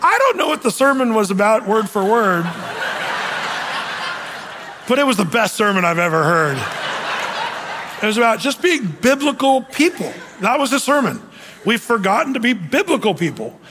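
A man preaching a sermon as pastor, animated when he tells a story, then leading a closing prayer in a church hall. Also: sits high, moderate pace, long pauses, noisy background. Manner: animated, grows excited and laughing while retelling. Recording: reverberant hall sound.

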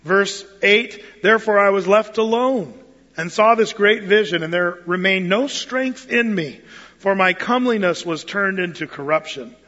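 A man preaching a sermon as pastor, animated, acting out Bible quotes in playful voices. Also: high voice, normal speed. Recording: muffled sound with long hall reverb.

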